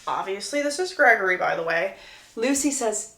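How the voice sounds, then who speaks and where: A woman casually retelling a book plot in a chatty, animated, gossipy way. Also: a little high, fairly quick. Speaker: book recap creator. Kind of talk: casual story recap. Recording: roomy echo.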